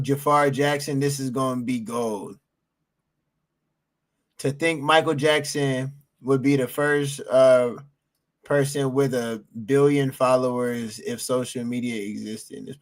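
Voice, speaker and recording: A man reacting live on a stream, hyped and slangy, repeating himself and out of breath. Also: medium pitch.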